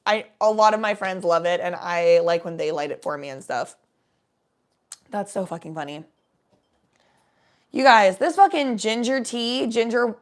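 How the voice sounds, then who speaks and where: Young woman streaming, raspy creaky voice, rambly and swears a lot, super laid back. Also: medium pitch. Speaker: livestream host. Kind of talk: casual chat.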